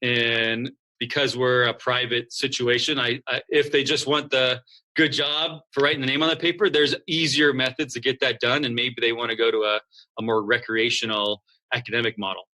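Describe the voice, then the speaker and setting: Bright-voiced man, lively and chatty. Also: mid-range voice, moderate pace. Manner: lively, acts out quoted students and coaches. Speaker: school founder and guest. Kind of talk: casual interview conversation.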